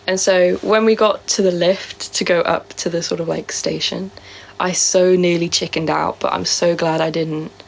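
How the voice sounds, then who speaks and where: A woman's voice: lowish voice, fairly even intonation, moderate pace, creaky, slight background noise. A woman live streaming in casual, rambling chat, answering viewer comments, with a sore throat. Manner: chatty and rambling, with many fillers.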